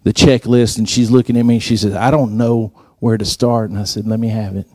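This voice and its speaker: Male preacher, storyteller, acts out dialogue, warm tone. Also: lowish voice, steady tone, fairly quick, no room sound, clean studio sound. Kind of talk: sermon.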